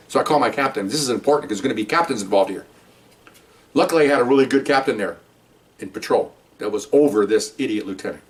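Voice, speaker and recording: Older ex-detective, fast and heated storyteller, slightly distant mic. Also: male voice, medium pitch. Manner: heated, animated, acts out quoted lines. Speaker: retired narcotics detective. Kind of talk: personal storytelling.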